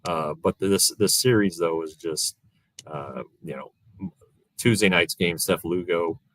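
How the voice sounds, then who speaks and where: A man's voice: low-pitched, measured pace, fairly bright tone. A middle-aged man chatting casually as a guest on a sports podcast, rambling with lots of fillers and restarts. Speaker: guest analyst.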